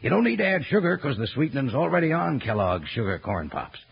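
A gravelly, husky man reading a folksy cowboy-style radio ad with a lively, swinging pitch. He sounds chummy and homespun through the dull, lo-fi tone of an old broadcast. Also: quick pace. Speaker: announcer.

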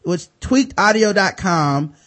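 A man's voice: high voice, lively intonation, takes it slowly, a bit bright. A man hosting a podcast in casual chat, reading sponsor spots in a loose, jokey, profane way with lots of fillers. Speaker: podcast host.

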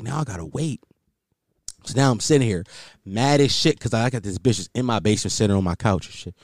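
A man's voice: mid-range voice, sing-song, fairly quick, a little mellow, no room sound, clean studio sound. A man hosting his podcast alone, telling a crude story in casual slang and laughing along the way. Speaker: podcast host.

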